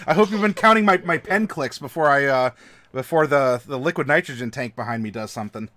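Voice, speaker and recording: A man narrating as game master of a tabletop game, laughing often and stumbling over his words as he describes the scene. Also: mid-range voice. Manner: animated, laughing, halting restarts.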